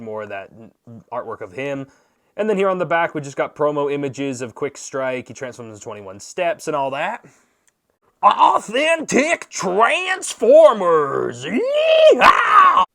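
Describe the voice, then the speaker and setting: A man hosting his own channel, giving a casual, jokey review of an action figure with playful asides. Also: medium pitch. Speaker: toy reviewer and channel host. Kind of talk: casual toy review commentary.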